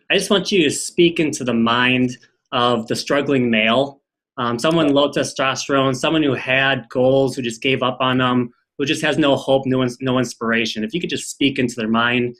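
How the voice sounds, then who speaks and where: A man's voice: mid-range voice, normal speed, fairly bright tone. A man hosting a podcast interview over a call, upbeat and encouraging, with many fillers. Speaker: podcast host. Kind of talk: casual interview. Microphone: remote call.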